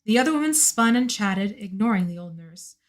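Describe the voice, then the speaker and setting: An expressive woman with a mid-range, slightly hoarse voice reads a novel on a live stream without rushing. She breaks off now and then for chatty asides.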